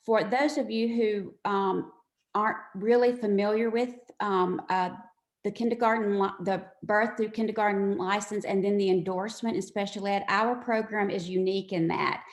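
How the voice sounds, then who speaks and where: Woman, department chair, slow halting moderator, echoey room. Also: mid-range voice, fairly even intonation. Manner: slow, with many "um"s. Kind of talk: moderating a webinar.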